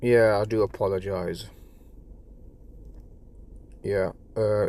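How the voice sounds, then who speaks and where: A man's voice: on the low side, normal speed, darkish tone, a little hiss or hum. A man with an English accent chatting casually on a live stream from his phone, stumbling over his words and repeating himself. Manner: stammering, repeats words, rambling and apologetic.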